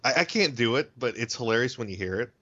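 A man's voice: medium pitch, lively intonation, quick pace, pushed and bright, dull audio. A man hosting a podcast, chatting casually in a jokey, teasing way and chuckling often. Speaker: podcast host. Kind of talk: casual chat.

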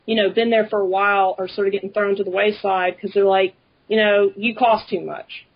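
A woman's voice: medium pitch, flat delivery, a little fast. A woman co-hosting a podcast, talking casually with many fillers. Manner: chatty, lots of fillers. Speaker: podcast co-host. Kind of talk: casual chat. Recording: lo-fi dull audio.

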